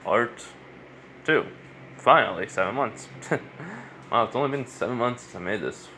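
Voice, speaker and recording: Man, casual storyteller, rambling, self-correcting, average pitch. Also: animated, moderate pace, bright, forceful tone, a little hiss or hum. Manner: rambling, many fillers and restarts. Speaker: storyteller of fan stories.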